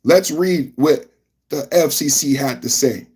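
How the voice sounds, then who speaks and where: A man hosting a podcast, reacting to a clip with indignant, repetitive commentary that rises to shouting. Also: medium pitch, a little slow, slightly rough. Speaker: podcast host.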